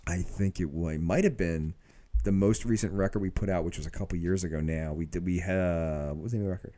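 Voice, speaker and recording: A man's voice: sits low, fast talker. A man in his forties co-hosting a podcast, swearing freely as he tells long stories in casual chat. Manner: swears constantly, animated storyteller. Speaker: podcast co-host.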